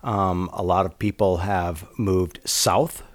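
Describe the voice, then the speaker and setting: A man's voice: low-pitched, steady tone, slow, no echo. A middle-aged man from Minnesota in casual podcast chat, plainspoken with a dry sense of humor. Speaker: podcast co-host. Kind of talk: casual conversation.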